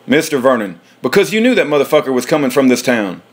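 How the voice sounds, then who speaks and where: A man's voice: mid-range voice, sing-song, fast talker. A man reading a transcript aloud in a heated, profane rant, breaking into short laughs.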